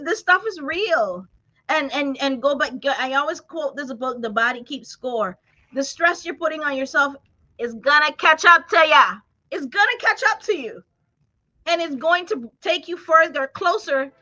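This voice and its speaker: A woman's voice: high voice, sharp tone, highs cut off. A woman hosting a motivational talk, emphatic and preacher-like, laughing often. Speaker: host.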